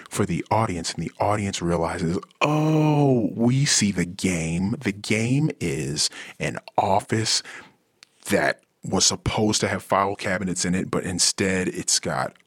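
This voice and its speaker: A man's voice: sits low, slightly rough, dry recording, studio quality. A man hosting a podcast, talking through a casual monologue and acting out the people he quotes. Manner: animated, acts out quoted voices. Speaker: podcast host.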